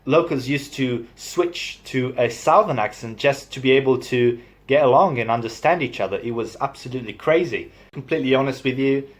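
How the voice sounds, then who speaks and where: Young man, chatty, self-deprecating, casual accent explainer, mid pitch. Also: fairly quick. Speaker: language assistant. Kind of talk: casual accent demo video.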